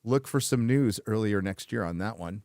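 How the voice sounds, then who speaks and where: A man's voice: lowish voice, normal speed, vocal fry, a little mellow, no echo, studio quality. A man hosting a casual chat show, blunt and frequently swearing, laughing between remarks. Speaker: host.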